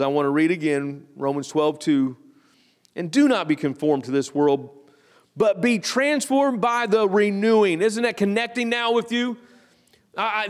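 Male pastor, higher voice, slow emphatic sermon delivery, church hall echo. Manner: slow emphatic scripture reading, drawn-out phrases. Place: church sanctuary. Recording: long church hall reverb.

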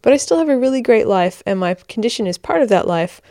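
A tired woman in her twenties with a hybrid American-Australian accent hosts a casual podcast from a blanket fort in her bedroom, giggling and poking fun at herself. Her voice is a little high and mellow, quick and lively in intonation, recorded clean with no room sound.

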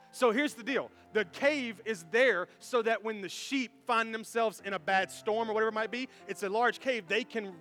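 Male pastor, high and bright, lively conversational sermon with faint music underneath. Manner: animated, conversational preaching with rhetorical questions.

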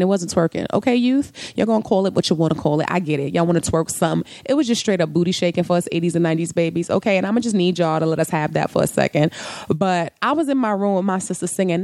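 A woman's voice: on the low side, fast talker, no room sound. A woman in her late thirties hosting a casual solo podcast, talking animatedly and dropping into sung snippets now and then. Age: late 30s. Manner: animated, breaks into singing snippets and laughs. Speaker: podcast host.

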